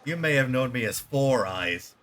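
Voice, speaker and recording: A man's voice: medium pitch, animated, moderate pace, fairly bright tone, natural voice. A man voicing a boastful scheming male villain who mocks and barks orders, with faint game music behind. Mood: gloating. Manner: smug, mocking, barking orders.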